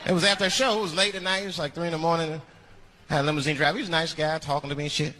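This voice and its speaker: A man's voice: on the high side, very fast. A man doing stand-up comedy on stage, telling stories with profanity and acted-out dialogue. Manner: animated, profane, acts out phone calls. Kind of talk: stand-up storytelling.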